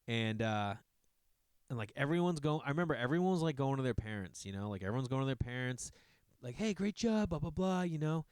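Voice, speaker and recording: A man telling a long personal story in a casual, animated way, swearing often and jumping into asides. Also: medium pitch, fast talker, clear, resonant tone, no room sound.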